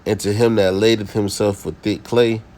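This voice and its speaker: Deep-voiced man teaching scripture. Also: little pitch movement, normal speed, darkish tone. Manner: preachy, repeats "all right?". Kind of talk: scripture lesson.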